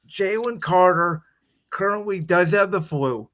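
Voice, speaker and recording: On a casual sports podcast, a male co-host speaks in a fairly high, slightly bright voice at normal speed, weakened by illness. He stumbles into hesitant restarts yet holds firm opinions.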